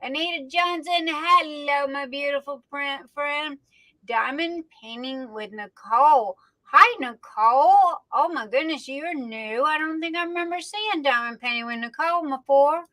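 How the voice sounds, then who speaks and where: A high, bright-voiced woman hosts a casual livestream, chatting unhurriedly and greeting viewers one by one. Her voice sits close and dry on the mic. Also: no room sound, low-quality recording. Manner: chatty, greets viewers warmly by name, drawn-out fillers. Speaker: livestream host. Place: home streaming setup.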